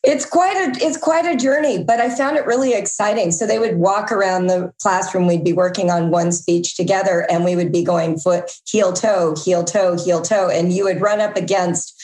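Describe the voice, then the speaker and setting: Enthusiastic woman in her fifties, echoey room. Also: mid-range voice. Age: 50s. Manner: warm-hearted, enthusiastic, quick to laugh. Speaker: host. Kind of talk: conversational interview.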